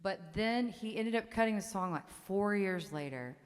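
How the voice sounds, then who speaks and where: A woman's voice: medium pitch, lively intonation, moderate pace. A woman in her forties, a songwriter telling stories and taking questions from a live theater audience in a chatty, self-interrupting way, often laughing. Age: 40s. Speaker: songwriter performing a one-woman show. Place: theater stage. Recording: long hall reverb, faint music.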